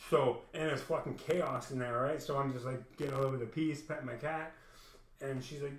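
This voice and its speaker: A man's voice: fairly high pitch, steady tone, fairly quick, a bit bright. A man telling a personal story in a rambling, profane way, often saying "man" and restarting his sentences. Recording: echoey room.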